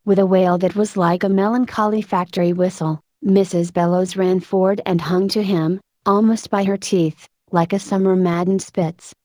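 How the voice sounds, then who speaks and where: A woman narrating a story aloud in a measured, expressive audiobook style. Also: mid-range voice, no echo.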